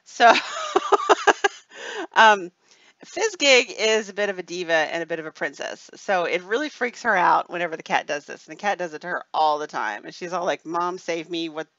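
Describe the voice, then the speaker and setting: A woman's voice: lowish voice, wildly swooping pitch, normal speed, a bit bright, no room sound. A woman hosting a live stream in casual chat, rambling and reading viewer comments, often checking in with "okay?". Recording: dull lo-fi dry sound.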